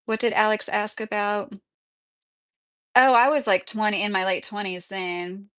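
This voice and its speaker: A woman's voice: mid-range voice, steady tone, a little slow, fairly bright tone. A woman in her thirties chatting casually on a livestream, reading viewer comments aloud and laughing often. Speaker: YouTube livestream host.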